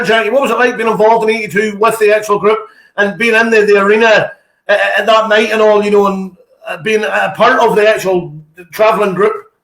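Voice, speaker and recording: High-pitched chatty Northern Irish man. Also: a bit bright, reverberant. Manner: rambling, chatty questions. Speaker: interviewer. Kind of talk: casual interview chat.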